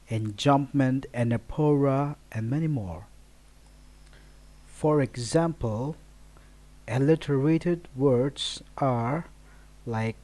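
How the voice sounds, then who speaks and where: A man giving a recorded poetry lesson, explaining slowly and listing words one by one. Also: mid-range voice, warm tone. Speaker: teacher.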